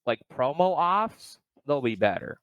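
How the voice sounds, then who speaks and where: A man co-hosting a casual wrestling review chat, animated and quick to mimic others. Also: mid-range voice, dull audio, a loud crowd. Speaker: podcast co-host.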